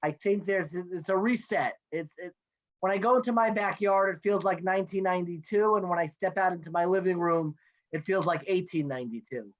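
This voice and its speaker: A man in his thirties talking in a casual, playful way as a guest, joining by video call from his home office. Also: sits high. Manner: chatty, playful, quick with jokes. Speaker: guest, NCSY education director. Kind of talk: casual interview chat. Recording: dull lo-fi video call audio.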